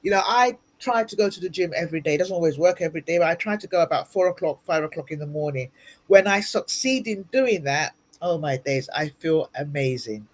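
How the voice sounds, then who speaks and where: A woman's voice: low voice, animated, brisk. A woman speaks as an interview guest and gives earnest, motivational advice. She repeats her key points for emphasis. The sound comes through a video-call microphone. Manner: earnest, advising, repetitive for emphasis. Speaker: guest speaker and ministry leader.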